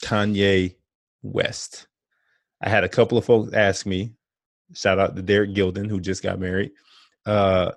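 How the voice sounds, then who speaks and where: A man's voice: sits low, little pitch movement, unhurried, pauses often, dry recording, studio quality. A man co-hosting a podcast, talking in a laid-back, slangy way and laughing often. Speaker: podcast co-host. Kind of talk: casual chat.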